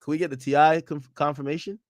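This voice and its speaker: A man's voice: fairly high pitch, fairly even intonation, fast talker, no room sound, clean studio sound. A young man streaming casual reaction commentary in a slangy, joking way.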